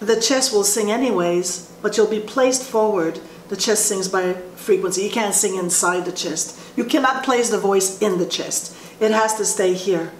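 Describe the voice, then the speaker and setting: A woman voice teacher explaining vocal placement in a slow, halting way, often restarting her sentences. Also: medium pitch. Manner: explains slowly with frequent restarts. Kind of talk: instructional talk with sung demonstrations. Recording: roomy echo with faint ambient noise.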